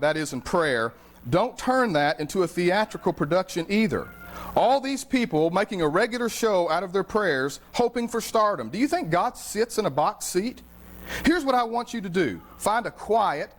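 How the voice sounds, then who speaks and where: A man preaching a sermon as pastor, conversational and animated, telling stories with humor. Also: high voice.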